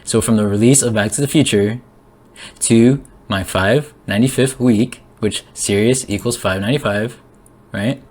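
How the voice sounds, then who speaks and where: A young man talking through his theories in an excited, rambling monologue, full of restarts, swearing and sudden rises in his voice. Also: on the low side, normal speed. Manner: emotional, voice jumps up. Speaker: conspiracy vlogger.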